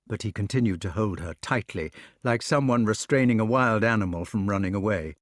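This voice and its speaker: A man reading a novel aloud as an audiobook narrator, measured and storytelling. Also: on the low side, no room sound, studio quality. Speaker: audiobook reader. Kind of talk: scripted narration.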